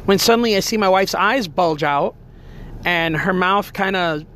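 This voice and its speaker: High-voiced middle-aged man rambling casually. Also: normal speed, sharp tone, slight background noise. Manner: rambling, conversational, full of filler words and tag questions. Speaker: father telling a family story. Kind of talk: casual personal storytelling.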